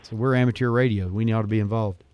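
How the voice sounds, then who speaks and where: A man's voice: on the low side, steady tone, fast talker, a little mellow, slight background noise. A man hosting a casual call-in radio show, rambling through jokes and stories. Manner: rambling storyteller, joking. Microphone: studio microphone.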